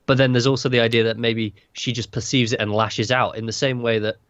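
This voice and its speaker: A man co-hosting a podcast in casual review chat, talking in a thoughtful, measured way. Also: medium pitch, flat delivery, a bit bright, smooth, dry recording. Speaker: podcast co-host reviewing a TV episode. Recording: dull lo-fi dry mic.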